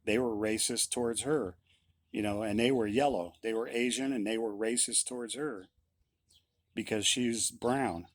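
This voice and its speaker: A man's voice: fairly low pitch, fairly even intonation, moderate pace, no room sound. A middle-aged man, a musician, giving a blunt, insistent opinion monologue and repeating his points.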